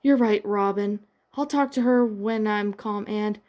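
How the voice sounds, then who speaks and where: A woman voicing a guarded, quick-tempered teen girl sorceress with a stern, snapping manner in a fan-fiction reading. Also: medium pitch, a little mellow, lightly acted. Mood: remorseful.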